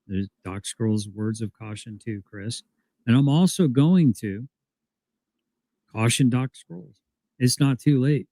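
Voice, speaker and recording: A man co-hosting a livestream in casual talk, blunt and profane, often doubling back on his phrases. His voice sits at a middling pitch, and the recording is close and dry. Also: takes it slowly, long pauses, warm tone, dry recording, poor audio. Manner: cautionary, profane, repeats phrases.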